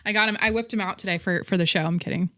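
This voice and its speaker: A woman hosting a podcast, telling a story in a blunt, profane, animated monologue. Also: medium pitch, racing, no room sound, studio quality. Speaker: podcast host. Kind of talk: casual monologue.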